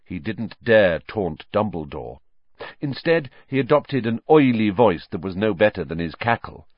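Male storybook narrator with a lively voice. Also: on the low side, measured pace, no room sound. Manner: expressive, lively reading. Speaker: audiobook narrator. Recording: dull lo-fi audiobook recording.

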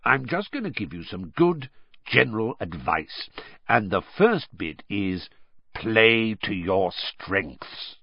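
A man voicing a gruff, suspicious old male wizard who talks in clipped growls, in a muffled lo-fi recording. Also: on the low side, very animated, slow pace, no room sound, exaggerated voice.

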